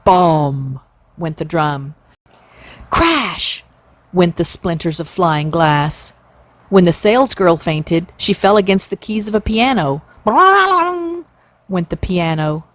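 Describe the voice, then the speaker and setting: A woman in her sixties reading a classic children's novel aloud, expressive and playing up the sound words. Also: on the low side, measured pace, dry recording. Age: 60s. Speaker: storyteller.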